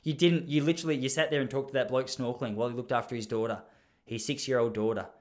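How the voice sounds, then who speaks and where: A man's voice: medium pitch, fairly even intonation, fast talker, lightly acted. A man voicing his sensible young wife, matter-of-fact. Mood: exasperated.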